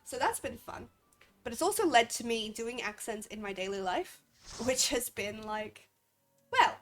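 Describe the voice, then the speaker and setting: A woman's voice: fairly high pitch, animated, measured pace. A woman with an Australian accent chatting casually while streaming a game, sniffly and a bit drowsy, rambling and laughing often. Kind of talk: casual gameplay commentary. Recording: faint game music behind.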